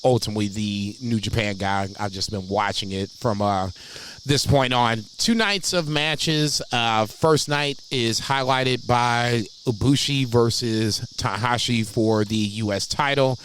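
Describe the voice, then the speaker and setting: A man's voice: mid-range voice, measured pace, fairly bright tone, a little hiss or hum, low-quality recording. A man co-hosting a wrestling podcast in casual chat, profane and laughing often. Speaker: podcast co-host.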